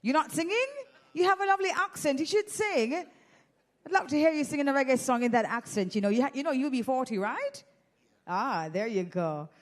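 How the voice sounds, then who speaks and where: Playful high-voiced Jamaican woman hosting. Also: brisk. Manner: playful, teasing, energetic. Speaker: event host. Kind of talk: lively event hosting with audience games. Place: event hall with audience. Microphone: handheld microphone.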